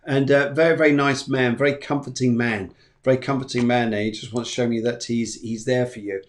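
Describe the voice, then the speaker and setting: A man's voice: medium pitch, steady tone, brisk. Rambling, repetitive man giving live psychic readings. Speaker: psychic medium. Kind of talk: live-streamed mediumship readings.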